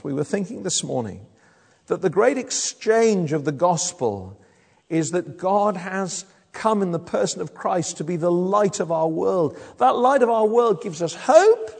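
Gravelly preacher in an echoey hall. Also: male voice. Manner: emphatic, swings between loud declarations and low hushed lines. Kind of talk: sermon.

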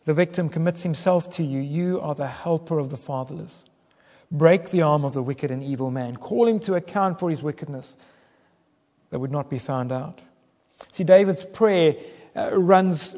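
Fervent preacher in a reverberant hall. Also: male voice, fairly high pitch, moderate pace, darkish tone. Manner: dramatic, rising to fervent cries when quoting prayers. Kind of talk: sermon.

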